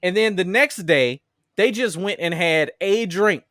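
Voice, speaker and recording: A man co-hosting a podcast, talking in an excitable, joking, slangy way. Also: sits high, measured pace, dry recording, clean studio sound. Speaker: podcast co-host. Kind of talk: casual chat.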